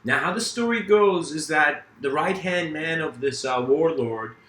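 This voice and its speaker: A man's voice: on the high side, unhurried, a bit bright. Rambling man lecturing in an echoey room. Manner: loose, rambling, many fillers, laughs at own story. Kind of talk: casual philosophical lecture with storytelling.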